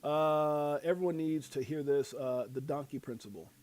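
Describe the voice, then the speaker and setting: A man's voice: fairly high pitch, normal speed, a little mellow, no room sound. A man hosting a casual live stream, rambling and self-deprecating, using slang as he reads quotes and headlines. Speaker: livestream host.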